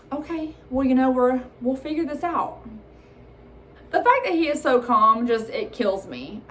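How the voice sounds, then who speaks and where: A woman in her thirties telling a personal story to her viewers in a casual, animated way, often laughing and acting out dialogue. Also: medium pitch, slight background noise. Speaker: vlogger.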